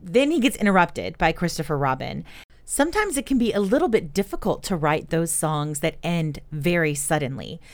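A woman's voice: sits low, very animated, normal speed. A woman hosting a children's music podcast, telling young listeners about the songs in a storytelling way. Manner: warm storytelling, speaks directly to young listeners. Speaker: host.

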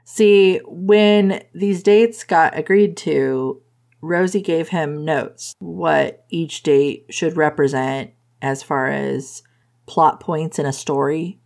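Recapping a romance novel as a reviewer, a woman laughs often and playfully quotes the characters in a casual retelling. Her voice is low, gravelly, and a little mellow, and she takes it slowly.

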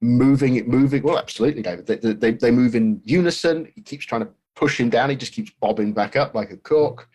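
A man's voice: mid-range voice, fairly quick, hardly any pauses, darkish tone, breathy edge. A man co-hosting a podcast, talking casually about a film with many restarts and fillers. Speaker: podcast co-host.

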